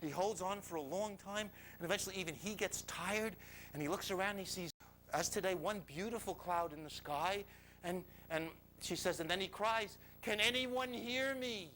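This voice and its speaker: A man recounts a personal story to a live audience in a confessional way, dropping to hushed tones and then rising loudly, often laughing. His voice sits a bit high and sounds bright and forceful, with faint noise underneath. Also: moderate pace, poor audio.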